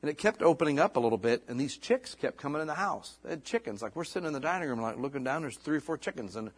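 Middle-aged pastor, husky voice, casual conversational preacher who slows down to read old scripture. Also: male voice, on the high side, expressive. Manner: casual, conversational preaching with frequent "like" and "you know"; reads scripture in slow, deliberate King James cadence. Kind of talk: sermon.

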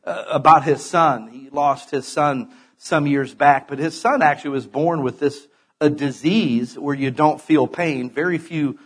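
Husky-voiced man preaching conversationally. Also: fairly high pitch. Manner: conversational preaching with rising emphatic bursts. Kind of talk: sermon.

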